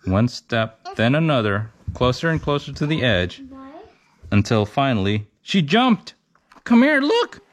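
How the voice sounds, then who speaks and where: A man's voice: medium pitch, big pitch swings, a little slow, background noise. A man reading a children's storybook aloud to children, now and then stumbling over a word.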